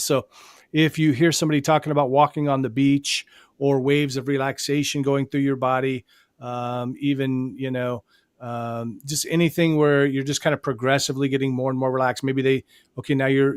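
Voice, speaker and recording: A man co-hosting a casual live-stream chat about hypnosis, animated and quick to laugh. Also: medium pitch, no echo, studio quality. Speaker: hypnotist co-host.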